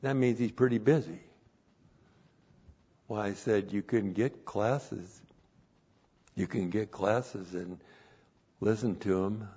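A man preaching in a slow, unhurried delivery, repeating his phrases and swelling in volume when he stresses a point. His voice sits in a middle register, and the recording sounds dull and lo-fi. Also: on the low side, mellow, breathy edge. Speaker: pastor. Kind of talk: sermon with Bible teaching.

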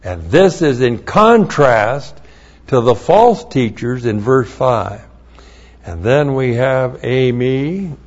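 A man's voice: mid-range voice, expressive, takes it slowly. A man preaching a verse-by-verse Bible teaching sermon. He speaks in an emphatic way, repeats key phrases and spells out Greek words. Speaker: pastor. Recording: dull lo-fi sermon recording.

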